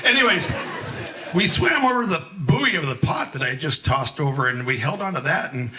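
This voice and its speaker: A man's voice: on the high side, sing-song, moderate pace, sharp tone, far from the mic, rough recording. Folksy older man telling a story. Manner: folksy, rambling, with many fillers and restarts. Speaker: open mic storyteller. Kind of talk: spoken personal story at an open mic. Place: live event in a museum hall.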